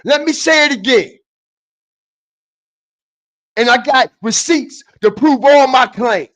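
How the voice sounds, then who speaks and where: A man with a very high-pitched voice delivers a profane, confrontational rant to his stream audience. He speaks slowly and deliberately, hammering each point home and repeating it, dropping to low muttering and then rising to shouts. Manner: repetitive, emphatic, often repeats phrases. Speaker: streamer commentator. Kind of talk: heated profane commentary.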